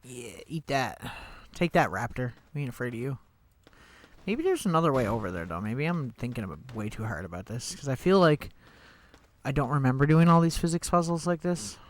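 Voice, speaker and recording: A man streaming a game talks it through in a relaxed, chatty way, thinking aloud and dropping wry, sarcastic asides. His voice sits at an ordinary mid pitch. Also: fairly quick, slight background noise. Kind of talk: casual gameplay commentary.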